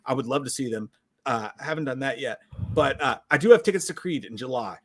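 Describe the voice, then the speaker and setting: A man, co-hosting a casual livestream and telling profane stories with loud shouted quotes. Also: mid-range voice, animated, fairly quick. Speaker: podcast co-host.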